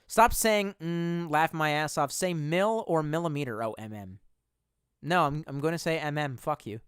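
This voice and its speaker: A man's voice: fairly high pitch, moderate pace, a bit bright, smooth, no room sound. A man casually chatting on a livestream and answering chat, cursing often and rambling, sometimes trailing off into a mumble. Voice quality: profane, rambling speech.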